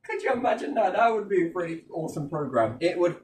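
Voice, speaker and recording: A man's voice: sits high, expressive, fast, darkish tone, recorded from a distance, slight background noise. A man chatting casually and animatedly, jumping between topics and swearing freely. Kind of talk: rambling casual chat.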